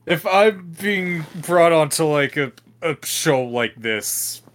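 A young man co-hosting a podcast, making dry, deadpan remarks while watching a film. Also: on the high side, slow. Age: young adult. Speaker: podcast co-host. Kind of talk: casual reaction chat.

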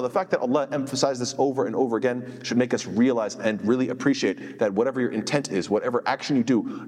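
Man, rapid emphatic teacher, rhetorical questions, reverberant hall. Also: medium pitch, a little mellow. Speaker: Quran teacher. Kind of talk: explanatory lesson.

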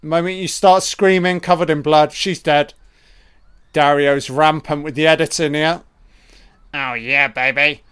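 A man giving a crude, profane, excitable running commentary on a film, calling the characters love and baby. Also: a little high, measured pace, clear, resonant tone.

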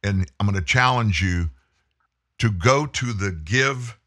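Emphatic lower-voiced male host. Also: lively intonation, slow, a bit bright. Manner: emphatic, urging listeners. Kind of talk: talk show interview.

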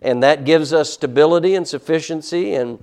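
Man teaching Sunday school, fairly high voice. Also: moderate pace, darkish tone. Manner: conversational, frequent "all right?" check-ins, emphatic on scripture. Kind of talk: Bible lesson.

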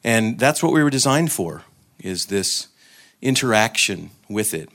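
Low-voiced man telling stories to a group. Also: expressive, measured pace, fairly bright tone. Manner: storytelling, joking, frequent restarts. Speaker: guest speaker. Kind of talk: informal talk to a group.

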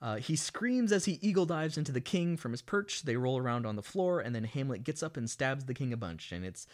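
A man's voice: medium pitch, animated, brisk, a little mellow. A man co-hosting a casual movie podcast, recapping a film with sardonic, exasperated, profane commentary. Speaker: podcast co-host. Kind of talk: casual movie review chat.

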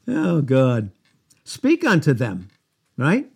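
A male pastor delivering an expository sermon, his somewhat high voice swinging up and down with a lively, animated melody. He reads old-style scripture aloud, then drops into chatty asides and rhetorical questions to the congregation. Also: takes it slowly, gravelly, long pauses, husky. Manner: reads scripture aloud in King James phrasing.

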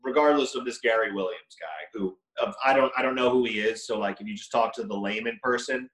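Talking fast with a fairly bright, medium-pitched voice, this young podcast co-host argues bluntly and curses freely during casual conversation. The room has an echo.

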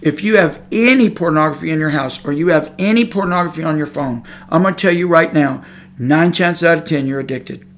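A man's voice: fairly high pitch, a little fast, a bit bright. A man preaching a sermon on his podcast, talking in a fired-up, conversational way and repeating his points.

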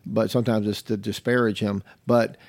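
A man's voice: on the low side, little pitch movement, normal speed, creaky, a little mellow, no room sound. A man hosting a casual conversation, giving short agreements and running through lists.

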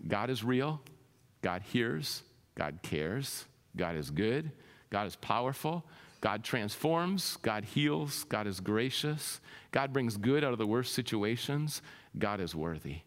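A male pastor delivers an impassioned sermon, his voice swelling to loud peaks and then dropping into soft, low lines. A long reverb tail trails after his words.

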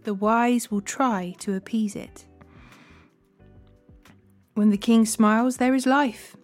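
A woman hosting a daily Bible reading, reading scripture in a measured, unhurried way. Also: a little high, steady tone, faint music behind.

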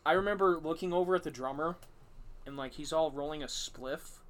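A man's voice: fairly high pitch, fairly quick. A man hosts a podcast in an easygoing storytelling chat. His delivery rambles, is full of fillers and restarts, and is peppered with profanity. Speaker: podcast host.

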